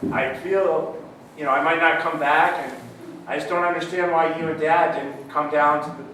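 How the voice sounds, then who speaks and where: Earnest young astronaut played by a man putting on a plummy British accent; bright tone, distant mic in a reverberant hall. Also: a little high, fairly even intonation, normal speed, a little hiss or hum, close to an everyday voice. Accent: put-on British. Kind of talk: live improv comedy scene. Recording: echoey hall from far off.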